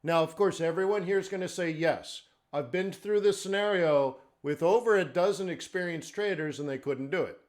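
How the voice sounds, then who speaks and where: A man's voice: high-pitched, normal speed, few pauses. A man teaching forex trading in a live webinar, talking conversationally and checking in with "okay?" and "right?". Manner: conversational, rhetorical questions, frequent "okay?" and "right?".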